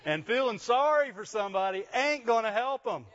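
High-voiced preacher man, call-and-response. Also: expressive, a little fast, fairly bright tone, lo-fi sound. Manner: call-and-response preaching, frequent "Amen?" and "Right?". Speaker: pastor. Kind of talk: sermon.

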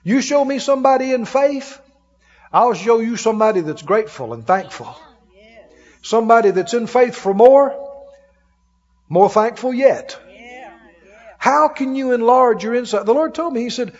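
A man's voice: very high voice, animated, normal speed, pauses often, long reverb tail, muffled recording. A male preacher giving a folksy, emphatic sermon, often laughing as he preaches.

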